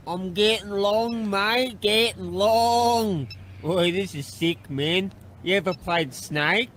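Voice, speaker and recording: A man's voice: high-pitched, slow, fairly bright tone, a little hiss or hum. Man doing a crude Australian lad. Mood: mocking. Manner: crude, sneering, heavy swearing. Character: brash young Australian lad mocking a friend. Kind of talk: comedy sketch.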